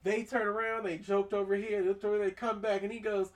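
A man's voice: sits high, quick pace, hardly any pauses, far from the mic. A man hosting a podcast, casually recapping a cartoon episode and acting out the characters' lines in raised voices. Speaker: podcast host.

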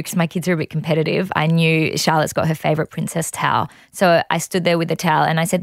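Australian female podcast host, husky-low register, casual and anecdotal, dry studio sound. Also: no room sound. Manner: chatty, laughs easily, tells stories. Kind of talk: casual chat.

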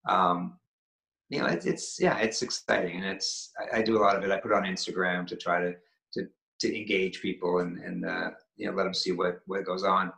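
Guest actor, male, middle-aged, Maine accent, lower pitched, roomy echo. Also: vocal fry, sharp tone. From Maine, USA. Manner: halting, many restarts and fillers. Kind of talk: casual interview chat.

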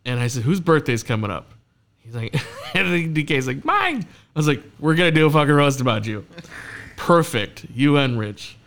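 A man's voice: medium pitch, moderate pace. A young man hosting a casual podcast chat, telling stories in a rambling, profane way, with many restarts. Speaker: podcast host.

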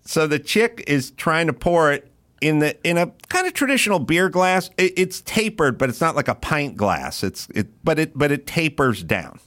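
A man telling a story in casual podcast chat, animated and profane, acting out what he said in the moment. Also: on the high side, moderate pace. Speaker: comedian guest.

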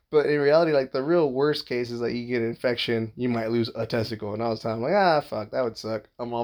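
A man's voice: mid-range voice, lively intonation, quick pace, hardly any pauses, darkish tone. A young man telling a casual, profane story, rambling with lots of filler words and acting out what people said. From Southern California. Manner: profane, rambling, full of "like" fillers, acts out quoted talk.

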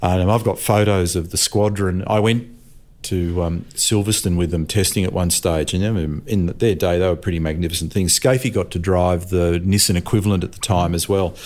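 A man's voice: deep voice, fairly even intonation, normal speed, a little mellow. An older Australian man, a motorsport commentator, telling racing anecdotes in a chatty, laughing way and acting out voices. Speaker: motorsport commentator, interview guest. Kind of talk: anecdotal storytelling.

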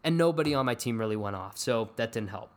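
A man's voice: mid-range voice, lively intonation, quick pace. A man chats loosely on a podcast, rambling between topics. He pokes fun at himself and throws in jokes. The tone stays casual and offhand. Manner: rambling, self-deprecating, joking. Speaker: podcast host. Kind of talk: casual fantasy sports podcast chat.

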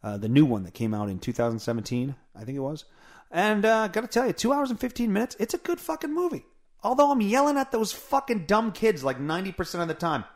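A man's voice: high-pitched, expressive, quick pace. Blunt, profane man hosting a podcast. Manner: blunt, profane, self-mocking. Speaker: podcast host. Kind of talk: casual solo podcast rant. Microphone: studio mic with pop filter through a mixer.

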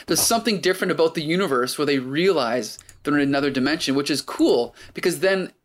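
A man hosting a casual chat, rambling and thinking aloud with many restarts. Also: fairly high pitch.

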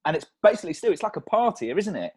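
A man's voice: sits high, rapid-fire, slightly rough. A man co-hosting a casual podcast, joking and laughing often. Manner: giggly, animated, jokey. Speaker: podcast co-host.

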